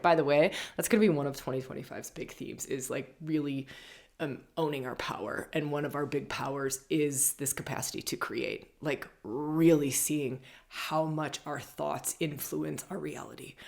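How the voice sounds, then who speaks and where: A woman with a low-pitched, creaky voice hosts an astrology forecast show. Her spiritual forecast talk is emphatic, and she keeps repeating key phrases.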